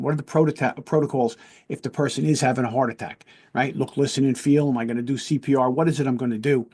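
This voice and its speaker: Male podcast host, mid-pitched, earnest and conversational, telling personal stories. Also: darkish tone. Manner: earnest, conversational, often checks in with "right?". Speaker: podcast host and police lieutenant. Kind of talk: casual storytelling.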